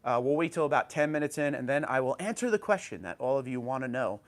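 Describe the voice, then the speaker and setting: A man's voice: mid-range voice, expressive, fast talker. Casual man greeting his livestream chat. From New Jersey. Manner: reads out viewer comments and greets chatters by name. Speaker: livestream host. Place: home. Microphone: old tablet.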